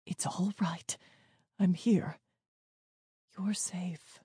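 A woman's voice: on the low side, fairly even intonation, extremely slow, husky, dry recording, clean studio sound, heavily acted. Woman doing a worried, protective father. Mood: soothing. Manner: shouted warnings, then soft reassurance. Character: worried father shielding his children.

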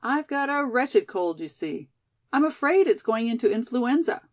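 A lively, prankish young college girl, as a woman reads her out, teasing her friend. She has a cold, with a raised, playful voice, in a storybook reading. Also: a little high, moderate pace, pitched above the performer's own voice.

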